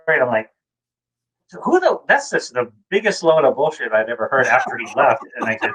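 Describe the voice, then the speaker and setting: A man's voice: medium pitch, lively intonation, quick pace, a bit bright, a little hiss or hum, low-quality recording. A man telling a rambling, self-deprecating story in a casual chat, over a video call. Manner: rambling, many fillers and restarts, self-deprecating. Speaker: guest.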